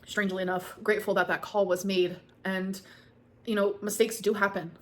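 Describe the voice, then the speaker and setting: A woman's voice: mid-range voice, level tone, moderate pace, a little hiss or hum. A woman in her thirties answering viewer questions in a casual vlog, rambling with many fillers and getting emotional.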